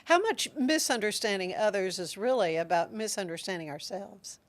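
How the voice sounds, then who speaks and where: Lady hosting a talk show, quick questions, lots of mm-hmms. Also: medium pitch, expressive. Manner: short agreeing interjections and brief questions. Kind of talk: interview, asking questions.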